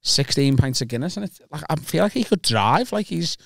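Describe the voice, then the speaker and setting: A man's voice: on the high side, expressive, fairly quick, creaky, fairly bright tone, no echo. A young man with a Liverpool accent hosting a comedy podcast, telling stories with dry teasing. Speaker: podcast host. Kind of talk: casual comedy chat.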